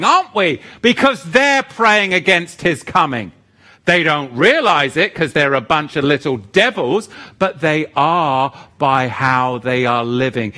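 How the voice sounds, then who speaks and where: A man preaching a sermon, animated and asking his congregation rhetorical questions, swinging between loud exhortation and hushed asides. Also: medium pitch.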